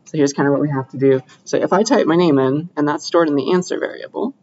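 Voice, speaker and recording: A man's voice: on the high side, fast, a little mellow, slight background noise. Upbeat male lecturer, lo-fi classroom sound. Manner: upbeat, asks checking questions often. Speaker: computer science lecturer. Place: lecture room.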